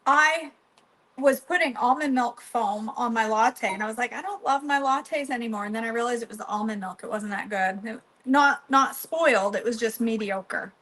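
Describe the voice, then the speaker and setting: A woman's voice: fairly high pitch, moderate pace, fairly bright tone, rough recording. A middle-aged woman chatting casually while cooking in her home kitchen, teasing viewers by name. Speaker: cooking vlogger.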